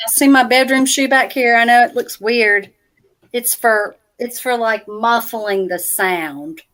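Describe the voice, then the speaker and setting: Southern woman call-in guest, chatty and self-deprecating, bright sharp tone. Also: fairly high pitch, a little slow. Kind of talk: casual chat.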